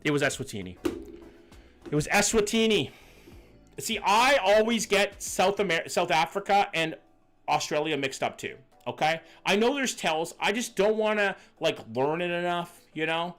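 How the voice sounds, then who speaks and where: A man's voice: high voice, normal speed, a bit bright, soft background music. Chatty young man streaming, thinking aloud. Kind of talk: live-stream commentary with chat.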